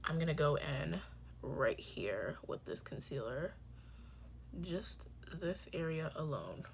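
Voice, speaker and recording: A young woman talks her viewers through a makeup routine in a relaxed, joking way, calling them y'all and slipping into soft whispers at times. Her voice sits low but swings widely in pitch. A faint hiss of room ambience sits behind her. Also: takes it slowly, gravelly. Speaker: beauty vlogger. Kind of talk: casual makeup tutorial chat.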